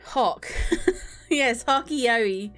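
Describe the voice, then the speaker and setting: Slow-talking giggly woman streamer. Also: fairly high pitch, fairly bright tone, faint music behind. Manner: giggly, greets chat by name, chatty with filler words. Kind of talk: casual live-stream chat.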